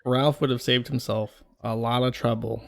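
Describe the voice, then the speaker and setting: Man, gravelly voice, blunt profane podcast commentary. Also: medium pitch, fairly even intonation, normal speed. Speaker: podcast co-host.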